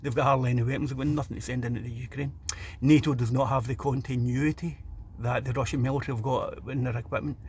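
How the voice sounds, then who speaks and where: A man's voice: medium pitch, steady tone, fast talker, a little mellow, a little hiss or hum. A middle-aged Scottish man delivering a blunt, ranting opinion monologue, stumbling over repeated restarts. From Scotland. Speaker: vlogger.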